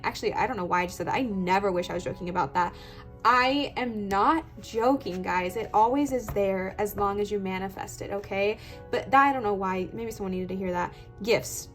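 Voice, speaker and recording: A young woman giving a pick-a-card tarot reading in an earnest, emphatic way, close to tears and repeating affirmations. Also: medium pitch. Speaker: tarot reader.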